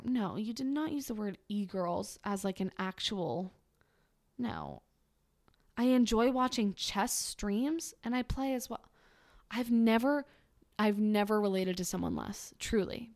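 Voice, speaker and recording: A woman's voice: medium pitch, lively intonation, moderate pace, vocal fry, a little mellow. A young woman hosting a podcast, reading dating profiles aloud and mocking them with a sarcastic, wry delivery. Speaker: podcast host. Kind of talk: casual podcast commentary.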